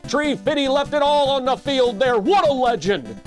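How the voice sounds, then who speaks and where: A man doing excitable, comedic play-by-play commentary on a video game football match, with crude jokes and shouts on big plays. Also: very high-pitched, moderate pace, few pauses, faint music behind.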